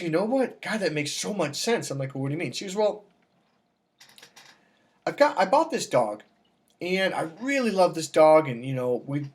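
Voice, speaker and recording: Man, dating coach, casual talk to camera, high voice, very lively pitch, acts out quotes. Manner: animated storytelling, acts out dialogue with raised pitch.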